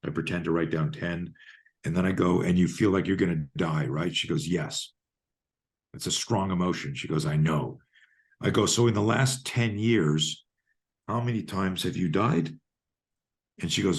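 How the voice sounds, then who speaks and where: A man's voice: low voice, normal speed. A man being interviewed, telling a vivid story with coarse language and acting out both sides of a conversation. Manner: profane, animated storyteller acting out dialogue. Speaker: guest, fear coach.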